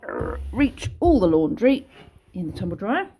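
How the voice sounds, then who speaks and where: A woman's voice: medium pitch, very animated, normal speed, echoey room, dull audio. A middle-aged British woman chatting casually to camera at home, rambling with little asides about her family's day. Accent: British English. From United Kingdom. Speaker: family vlogger.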